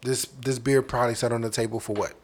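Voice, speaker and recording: A man with a mid-range voice talks through his opinion on a podcast. He is thoughtful and steady, checking in with his co-hosts as he goes. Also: medium pitch, slight background noise. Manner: thoughtful, measured, says "right?" often. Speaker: podcast co-host. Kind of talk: casual podcast review.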